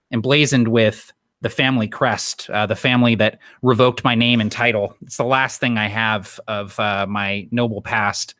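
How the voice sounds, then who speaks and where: A man playing a tabletop game, describing his character's actions in a measured way. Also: fairly low pitch, pushed and bright, no room sound, clean studio sound. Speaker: player.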